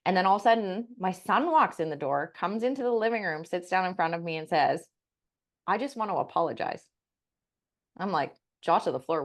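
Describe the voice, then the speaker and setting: A woman's voice: mid-range voice, animated, a little fast. A middle-aged woman co-hosting a podcast, telling a family story in a candid, casual way, swearing freely and filling her talk with "like.". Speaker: podcast co-host.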